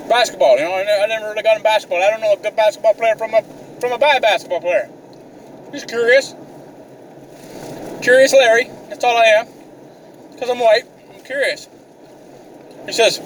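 A man's voice: high voice, moderate pace, pauses often, far from the mic, a little hiss or hum, rough recording. A young man vlogging outdoors on the move, telling a rambling, profane, sarcastic comic story. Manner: rambling, swears constantly, sarcastic. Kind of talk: profane comedic rant.

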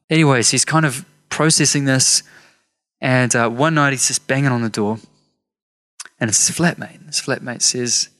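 A man's voice: mid-range voice, normal speed, a bit bright. A man preaching a sermon through personal stories, acting out the voices of people he quotes, with self-mocking asides. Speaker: pastor. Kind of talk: storytelling sermon.

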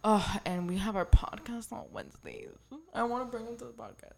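A woman co-hosting a podcast, talking in a relaxed, chatty way and swearing casually. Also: on the high side, a little fast, vocal fry. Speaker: podcast co-host. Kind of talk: casual chat.

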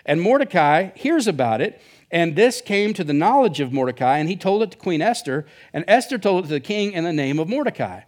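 A man's voice: fairly high pitch, very animated, a little fast, a little mellow. A male pastor preaching a sermon in a casual, joking way, full of asides. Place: church.

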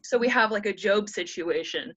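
A woman's voice: mid-range voice, normal speed, fairly bright tone, slightly rough. A woman in her thirties, retelling a classic story in a casual, irreverent and profane way, often slipping into characters' lines. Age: 30s. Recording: dry, slightly dull lo-fi audio.

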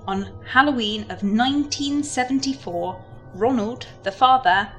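A woman's voice: mid-range voice, fairly bright tone. A woman hosting a casual crime podcast, chatty and giggly as she narrates a case. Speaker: podcast host.

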